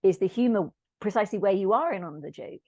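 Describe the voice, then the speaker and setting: A woman talking as a podcast guest, thoughtful and reflective, often pausing to search for words. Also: medium pitch, lively intonation, darkish tone, no echo, dull audio. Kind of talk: thoughtful conversational discussion.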